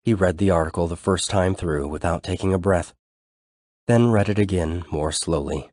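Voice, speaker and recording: Deep, dry-voiced male narrator. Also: moderate pace, a little mellow, no echo. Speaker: audiobook narrator. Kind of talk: scripted audiobook narration.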